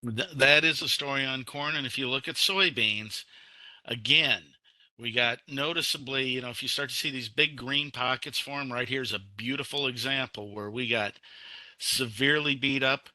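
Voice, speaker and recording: A man with a very bright, sharp tone talks through commodity charts in a measured, explanatory webinar style. His voice sounds dry and close, with almost no room around it. He moves from point to point steadily, pointing out levels as he goes. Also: mid-range voice, dry recording. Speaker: market analyst. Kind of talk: webinar market commentary.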